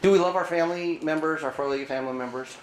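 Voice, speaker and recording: This conference speaker talks fast in a fairly high voice, presenting to a live audience in a conference room. As an animated storyteller, he acts out dialogue and poses rhetorical questions. The sound is roomy and rough, with slight background noise.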